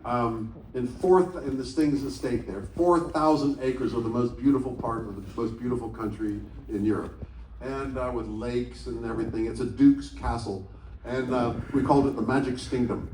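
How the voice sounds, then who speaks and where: Profane, animated man telling stories on stage. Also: medium pitch, moderate pace, a little hiss or hum. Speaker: stage storyteller. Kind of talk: solo speaking show. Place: large theatre. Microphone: stage PA, taped on a phone in the audience. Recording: distant, echoey theatre audience recording. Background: faint audience ambience.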